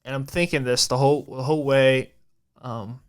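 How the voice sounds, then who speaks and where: A young man hosting a podcast, telling a personal story in a halting way, repeating and restarting his phrases and swearing casually. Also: mid-range voice, steady tone, clean tone. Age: young adult. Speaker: podcast host.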